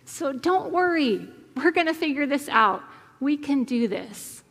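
A woman's voice: high-pitched, very animated, measured pace, vocal fry, fairly bright tone, big-room sound, heavily acted. Woman quoting an earnest male interviewer. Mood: exasperated.

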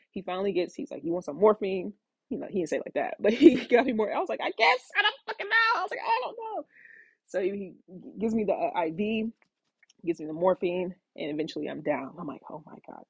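A woman in her thirties, a podcast host, telling a personal story in a rambling, animated way with lots of fillers and restarts. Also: fairly low pitch, slightly rough, dry recording. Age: 30s. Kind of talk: casual storytelling monologue.

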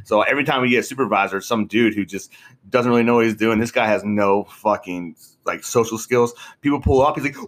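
A young man in his twenties with a fairly low voice chats casually. He rambles and swears freely. He peppers his talk with "bro" and frequent laughs. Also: a little fast. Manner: profane, rambling, laughs often, says "bro". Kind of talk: casual chat.

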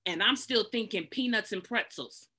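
A woman with a bright, ringing voice gives a casual spoken testimony. She tells a lively, folksy story and acts out the people in it with sudden jumps in pitch. She keeps turning to her listeners as if she were chatting with them. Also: normal speed, slightly rough. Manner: folksy, addresses listeners as "y'all". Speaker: therapist sharing a testimony.

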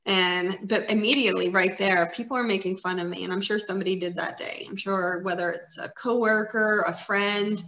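A woman's voice: medium pitch, fairly even intonation, fairly quick, hardly any pauses, bright, forceful tone. Fifties woman, earnest chatty podcast co-host, encouraging; echoey room. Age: 50s. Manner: earnest, encouraging, rambling with fillers. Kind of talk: casual conversation. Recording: roomy echo.

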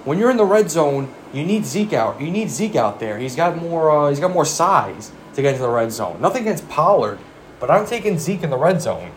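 A man's voice: on the high side, sing-song, a little fast, a little hiss or hum. A man giving a profane, exasperated sports rant as a fan commentator, firing off rhetorical questions.

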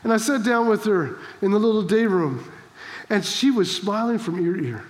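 A man's voice: high-pitched, animated, moderate pace, in a large hall. A man preaching a sermon as pastor, fervent and exhorting, telling stories to make his points. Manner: fervent, exhorting, with storytelling asides.

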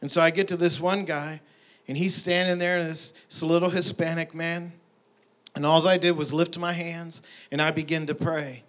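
A man preaching a sermon, telling stories in a lively way and building to emphatic peaks. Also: fairly high pitch, normal speed. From Tulsa, Oklahoma. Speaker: pastor. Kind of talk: sermon with storytelling.

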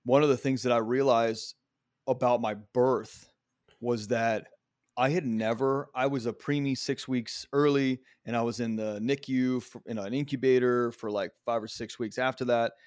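A man's voice: mid-range voice, fairly even intonation, moderate pace, a little mellow, dry recording. Middle aged guy hosting a podcast, swears a lot, tells it straight, dry close sound. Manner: candid, profane storytelling. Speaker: podcast host. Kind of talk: casual conversation.

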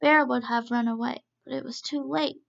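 A woman reading a children's story aloud in steady, measured narration, in a dull, lo-fi recording. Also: high-pitched, creaky.

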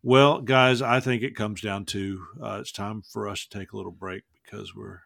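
A man's voice: fairly low pitch, steady tone, normal speed, creaky, a bit bright, no echo, studio quality. A man hosting a casual podcast chat, joking, rambling and laughing often. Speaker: podcast host.

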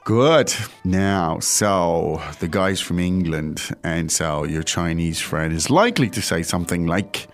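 A man with a fairly low voice that swings widely in pitch hosts an audio language lesson. He breaks each phrase down word by word and jokes with his co-host. Faint music sits under the talk. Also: expressive, unhurried, few pauses. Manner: playful, explains word by word. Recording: audio-only studio recording.

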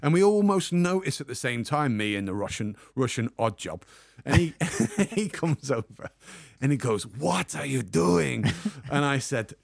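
A man telling a comic anecdote as a podcast guest, acting out the people in his story with lively energy. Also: mid-range voice, moderate pace, hardly any pauses, dry recording, studio quality. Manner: animated storyteller, acts out the other people in the story.

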